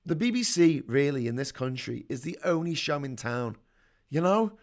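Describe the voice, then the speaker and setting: A middle-aged Liverpool man with a Scouse accent hosts a live call-in stream, reading out viewer comments and answering them in blunt, opinionated rants full of swearing that grow more heated. His voice sits on the high side and sounds animated and darkish, at a normal speed.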